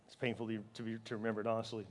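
A man's voice: lowish voice, level tone. Impassioned male preacher in a reverberant hall. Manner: emotional storytelling, swinging from loud fervor to hushed, halting speech. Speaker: pastor. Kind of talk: sermon.

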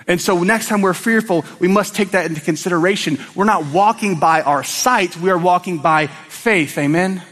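A man preaching a sermon to his church, animated and storytelling, acting out scenes in quick little voices. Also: high-pitched, big-room sound, soft background music.

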